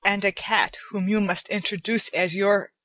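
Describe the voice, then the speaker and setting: A woman's voice: mid-range voice, fairly even intonation, moderate pace, a bit bright, no room sound, lightly acted. A woman voicing an old, proud male talking cat who is an aristocratic father, in a stately, dryly amused way.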